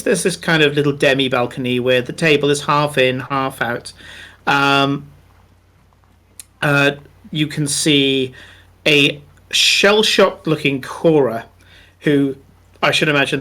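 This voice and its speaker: A man running a tabletop game, narrating scenes in a slow, unhurried way. His voice is bright and sits a bit high for a man, and he fills pauses with plenty of ums and uhs. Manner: descriptive, unhurried, many fillers. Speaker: game master.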